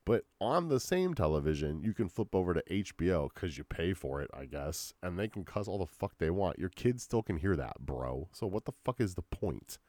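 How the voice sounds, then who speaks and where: A man's voice: low-pitched, big pitch swings, moderate pace, few pauses, a little mellow, dry recording. A young man hosting a solo podcast, ranting casually with heavy profanity and constant "dude" and "like.". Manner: profane, slangy rambling with lots of "dude" and "like". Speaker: podcast host.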